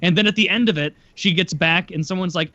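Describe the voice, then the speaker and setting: High-pitched guy on a podcast, storytelling and doing voices, dry and kinda muffled audio. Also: fast talker, dry recording. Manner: animated storyteller, acts out voices. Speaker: podcast co-host. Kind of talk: casual chat about TV shows.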